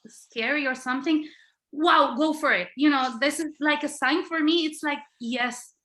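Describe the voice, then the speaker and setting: A woman's voice: high voice, normal speed, a bit bright. A woman in a casual podcast chat who chimes in with eager agreement and affirmation.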